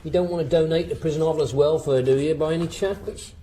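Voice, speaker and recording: An actor playing a sneering British prison officer in a radio drama. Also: male voice, fairly high pitch, fairly even intonation, fast, background noise, lightly acted. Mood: brusque. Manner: sneering, casual.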